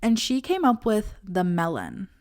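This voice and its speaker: A young woman talks casually to her camera at a middle pitch. She is playful and lively, and she slips into her friends' voices now and then. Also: a little slow. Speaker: vlogger.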